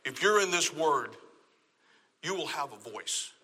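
Texan male pastor, slightly high, emphatic sermon delivery in a reverberant sanctuary. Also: expressive, a little slow, pushed and bright, breathy edge. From Texas. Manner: emphatic preaching, repeats phrases.

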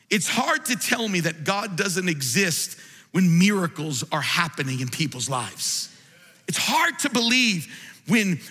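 A man preaching a sermon to his church, emphatic and rising to shouts. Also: a little high, long reverb tail. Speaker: pastor. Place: church sanctuary.

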